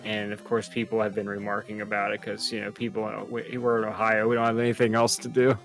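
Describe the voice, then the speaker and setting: A man's voice: lowish voice, completely flat delivery, quick pace, a bit bright, soft background music. A man co-hosting a podcast, telling rambling, laughing stories in casual chat. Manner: chatty, rambling, laughs at his own stories. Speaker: podcast co-host.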